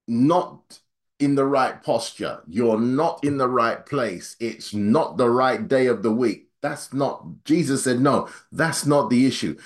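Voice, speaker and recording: A man preaching a sermon, his voice climbing for emphasis and then dropping low and quiet, reading scripture at a quick clip. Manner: dynamic preaching, voice rising high then dropping low and soft.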